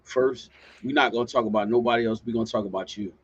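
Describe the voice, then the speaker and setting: Man, husky voice, firm and coaching, casual podcast chat, dry, slightly dull sound. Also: medium pitch, fairly even intonation, fast talker, dry recording. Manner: firm, coaching, repeats "listen". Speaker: podcast co-host giving advice.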